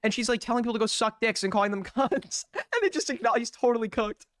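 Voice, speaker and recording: A man's voice: very high-pitched, fast talker, fairly bright tone, dry recording, studio quality. A man hosting a stream, reacting to a clip with sarcastic, laughing commentary and casual swearing. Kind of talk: mocking live commentary.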